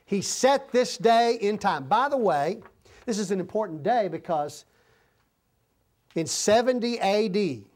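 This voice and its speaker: An earnest preacher delivering a Bible-teaching sermon in a mid-pitched voice. The delivery halts now and then, with restarts and self-corrections. Scripture passages are read aloud in the same voice. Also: lively intonation, a little slow, a little mellow.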